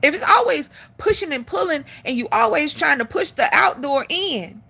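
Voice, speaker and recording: A woman's voice: high voice, animated, normal speed, creaky, sharp tone. A middle-aged woman hosting a live stream, giving blunt, profane opinions in casual talk.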